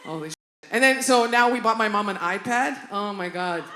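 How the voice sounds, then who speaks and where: A woman comedian from Canada performing a stand-up routine on a club stage, animated, with loud outbursts and constant asides to the crowd. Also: medium pitch, moderate pace. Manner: animated, loud outbursts, constant "right?" and "you know what I mean?". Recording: roomy live club recording with noise.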